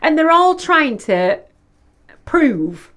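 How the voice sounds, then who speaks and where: Lively high-voiced northern English woman. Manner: chatty and quick to join in, acts out other people's lines. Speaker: podcast co-host. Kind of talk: casual chat. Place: podcast studio.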